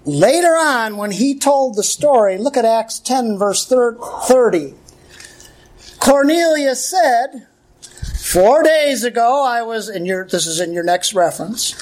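A hoarse woman pastor teaching a sermon from the Bible, emphatic and full of rhetorical questions, often clearing her throat. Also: fairly high pitch.

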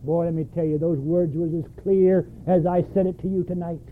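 A man's voice: a little high, fairly even intonation, brisk, narrow, tinny audio, a little hiss or hum. A man preaching a sermon, emphatic and throwing questions at his congregation.

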